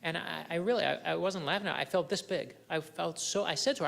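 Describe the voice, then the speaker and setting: A middle-aged man speaks as a guest at a club luncheon, his voice sitting a little higher than most men's. He tells personal anecdotes in an earnest way and keeps turning to address the listeners in the room. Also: fast, vocal fry, few pauses, fairly bright tone. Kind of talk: storytelling keynote speech.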